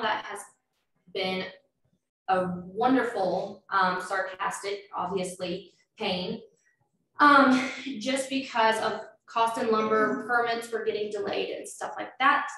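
A woman talks through a process in an easygoing, explanatory way, filling pauses with "um". She sounds set back from the microphone in a very echoey room. A faint hiss runs under her voice. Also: medium pitch, sharp tone. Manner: explanatory, filler-heavy. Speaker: loan officer presenting. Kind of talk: informal presentation. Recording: echoey room, far from mic, faint noise.

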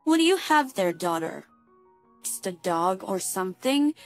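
A woman voicing a protective, gruff elderly grandfather who gives blunt orders, read as a story. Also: mid-range voice, very animated, unhurried, soft background music.

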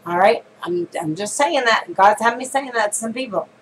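A woman preacher delivering a sermon, addressing listeners directly with emphatic warnings and reading scripture slowly and deliberately. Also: a little high, lively intonation, a bit bright, poor audio. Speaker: prophetess preacher.

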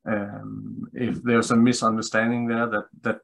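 Male webinar guest, low gravelly voice, thoughtful, restarts often. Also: level tone, unhurried, slight background noise, poor audio. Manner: thoughtful, many fillers and restarts. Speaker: engineering specialist guest. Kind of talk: webinar discussion.

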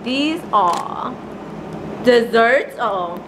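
A young woman talks casually to her handheld camera, bubbly and giggly and quick to gush. Her voice sits a little high. A steady hum of household and traffic noise runs behind her. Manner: bubbly, giggly, easily gushing. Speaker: vlogger. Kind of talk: casual vlog chat. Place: at home, later in a car. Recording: noisy background hum.

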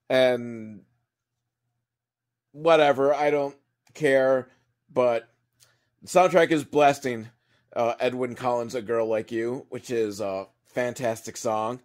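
A man's voice: medium pitch, slow pace, pauses often. A man giving a rambling, profane and mocking recap of a movie as a comedic reviewer. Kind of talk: sarcastic movie recap monologue.

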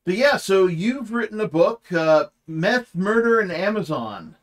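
A man's voice: sits high, very animated, a little slow. A man hosting a talk show from his home studio, opening with mock-grand flourish, then chatting loosely with many fillers. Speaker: podcast host. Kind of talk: casual interview chat.

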